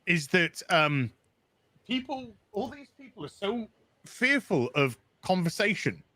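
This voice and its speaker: A man's voice: high-pitched, a little slow. A man with a New Zealand accent, chatting and joking as a guest on a livestream call. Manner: joking, teasing, lively. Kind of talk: casual chat.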